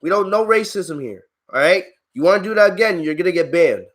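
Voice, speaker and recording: High-voiced man ranting at his chat. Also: brisk, hardly any pauses, fairly bright tone. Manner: heated, exasperated ranting; swears freely, laughs at his chat. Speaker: wrestling channel host. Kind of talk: live-stream review, talking back to chat.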